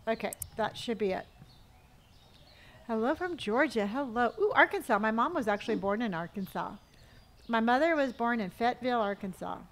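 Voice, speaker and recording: A middle-aged Californian woman streams a game live, chatting casually, reading viewer comments aloud and muttering to herself while she plays. Her voice is fairly high and a bit bright, animated, at a moderate pace.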